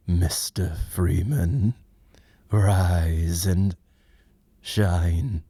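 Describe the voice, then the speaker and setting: A man putting on a mysterious, sinister male agent with slow, oddly paced, drawn-out words. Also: sits low, warm tone, dry recording, voice pushed down.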